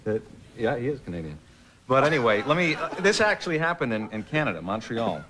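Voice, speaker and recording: A man, a guest comedian on a television talk show, telling a rambling anecdote with many pauses and uhs. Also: medium pitch, big pitch swings, background noise. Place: television studio with audience.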